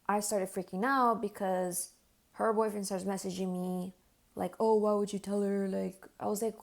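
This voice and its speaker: A young woman speaking to her viewers in an earnest, shaken storytime. Her voice sits in an ordinary middle range, and her talk is loose and full of "like" fillers. When she quotes herself, she drops to a hushed, quieter tone. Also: mid-range voice, gravelly. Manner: earnest, distressed retelling with frequent "like" fillers. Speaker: vlogger. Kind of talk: personal storytime monologue to camera.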